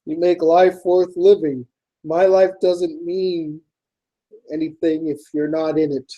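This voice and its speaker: A man hosting a casual vlog, reading viewer letters aloud and reacting with loud outbursts and quiet mumbles, swearing casually. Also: on the high side, little pitch movement, slow pace, dull audio. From United States. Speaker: YouTube host reading fan mail.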